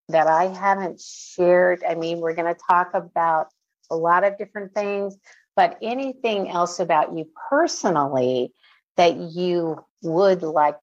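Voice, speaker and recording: A woman hosting a podcast, giving a slow, deliberate, upbeat scripted introduction. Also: on the low side, highs cut off. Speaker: podcast host.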